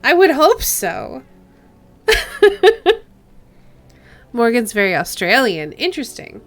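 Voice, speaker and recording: A woman's voice: fairly high pitch, big pitch swings, slow pace, fairly bright tone. An American woman streaming a game, chatting casually in a chatty way and laughing often. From United States. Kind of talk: casual gameplay commentary.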